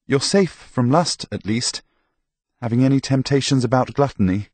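A man voicing a kindly, gently wry priest who reassures a sick patient. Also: medium pitch, moderate pace, dry recording, pitched above the performer's own voice, lightly acted. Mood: reassuring.

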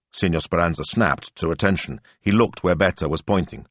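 A man narrating an audiobook in a measured, expressive storytelling manner. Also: deep voice, dry recording.

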